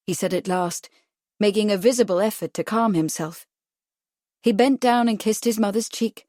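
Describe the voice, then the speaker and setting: Woman, audiobook narrator, even measured reading, mid pitch, dry sound. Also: dry recording. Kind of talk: scripted narration.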